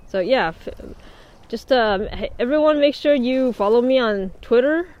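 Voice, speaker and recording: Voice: mid-range voice, animated, normal speed, lo-fi sound. A livestreamer chatting casually outdoors on a winter beach, laughing often and answering viewer comments. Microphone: mic worn while bundled in a hood. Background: wind noise.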